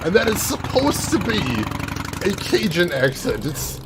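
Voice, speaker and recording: This livestreamer's high voice swings widely in pitch, and he talks a little slowly against heavy background noise. The young man keeps up light, chatty game commentary, saying hello to viewers by name.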